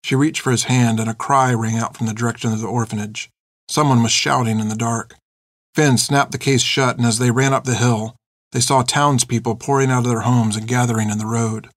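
Male narrator, measured, expressive, storybook reading, dry studio sound. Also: mid-range voice, dry recording. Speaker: audiobook narrator.

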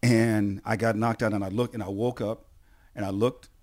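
A man's voice: on the low side, moderate pace. A man in a podcast interview, a TV on-air personality telling stories with many repeats and restarts. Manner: animated storyteller, repeats words and restarts. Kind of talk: casual storytelling chat.

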